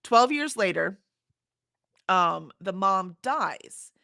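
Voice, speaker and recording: A middle-aged woman from Houston, Texas, hosts a livestream, chatting casually, rambling and laughing as she reads comments aloud. Her medium-pitched voice is expressive and very slow, with vocal fry and a sharp tone. The recording is clean studio sound with no echo.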